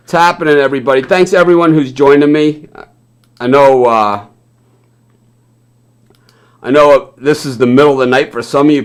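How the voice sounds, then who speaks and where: Southern male sports host, high-pitched, heated live rant, blunt, swears, says "man" a lot. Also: fairly bright tone. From American South.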